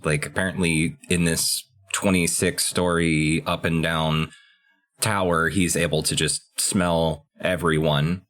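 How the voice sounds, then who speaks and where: A man co-hosting a podcast, chatting casually about a video game and getting excited about key story moments. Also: slow. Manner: excitable, pitch jumps high when enthused. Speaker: podcast co-host.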